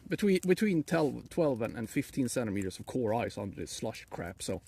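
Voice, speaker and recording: A man's voice: medium pitch, very animated, a little fast, gravelly, dark tone, a little hiss or hum. Man, middle-aged, Swedish accent, livestreamer, joking, rambling, outdoors on ice. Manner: joking, rambling, talks to chat. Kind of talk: casual live stream chat. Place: outdoors on a frozen lake.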